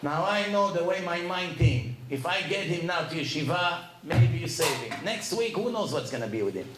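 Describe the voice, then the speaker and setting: A man giving a Torah lecture as a lively storyteller who laughs at his own tales. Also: on the high side, moderate pace, faint music behind. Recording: echoey room with faint ambience.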